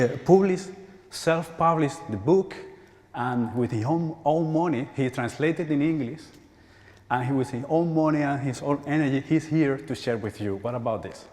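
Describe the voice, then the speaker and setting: A man in his forties with a Spanish accent, speaking English as a second language at a conference, halting and repeating words and laughing often. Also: mid-range voice, darkish tone. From Spain. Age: 40s. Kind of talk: conference talk. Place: large church hall. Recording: hall reverb.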